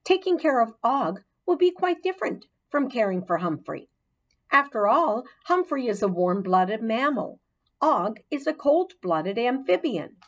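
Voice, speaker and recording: A woman reading aloud voices a patient but firm schoolteacher who gently scolds her class. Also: fairly high pitch, big pitch swings, voice pushed up. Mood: stern. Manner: brisk, gently scolding teacher voice.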